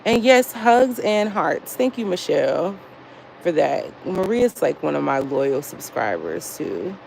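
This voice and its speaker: A young woman chatting casually on a livestream, profane and animated as she reads chat aloud. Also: fairly low pitch, measured pace, vocal fry, a little hiss or hum, rough recording. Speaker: livestream host.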